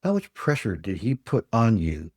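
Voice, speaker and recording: A Canadian sales trainer from Ontario, an older man, shares down-to-earth customer anecdotes while being interviewed on a podcast. His fairly low voice swings widely in pitch at normal speed and sounds a little mellow, captured in a dry, clean studio recording.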